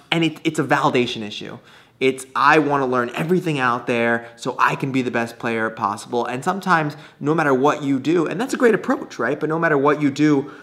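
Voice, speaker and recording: A man's voice: mid-range voice, fairly bright tone. A man speaking as a poker coach in a casual monologue, chatty and laughing often, with many restarts and fillers. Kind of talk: casual talking-head monologue.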